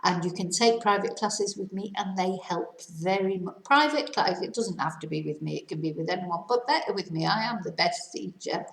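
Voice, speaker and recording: A woman with an English accent, a language teacher giving tips in a slow, clear and deliberate way, her voice moving up and down. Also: mid-range voice. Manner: slow, clear and deliberate, with lively ups and downs. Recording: echoey room.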